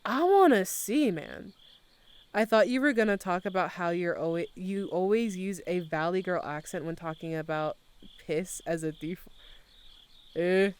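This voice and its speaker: A woman's voice: on the low side, fairly even intonation, moderate pace, smooth. A young adult woman streamer chatting casually with her live chat, using lots of slang and laughing often.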